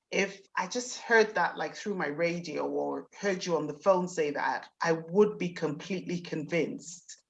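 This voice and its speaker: A woman's voice: fairly low pitch, creaky, lo-fi sound. A woman hosting an interview who keeps encouraging her guest to perform. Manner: encouraging, prompting. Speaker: host. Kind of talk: casual interview chat.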